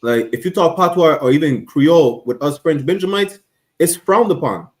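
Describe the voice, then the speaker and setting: A man's voice: on the high side, animated, normal speed, darkish tone. A man speaking on an online stream discussion, earnest and rambling, with many restarts.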